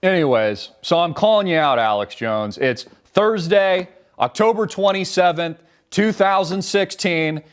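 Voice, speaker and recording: A man's voice: sits high, lively intonation, a little slow, smooth. A man hosting a live political commentary show, fired up, blunt and swearing freely. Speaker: show host.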